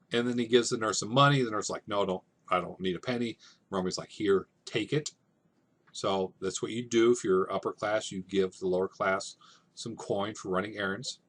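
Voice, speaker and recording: A man teaching over slides, explaining a scene in relaxed, conversational everyday language. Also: lowish voice. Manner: relaxed, conversational, paraphrasing in plain modern speech. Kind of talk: casual classroom explanation.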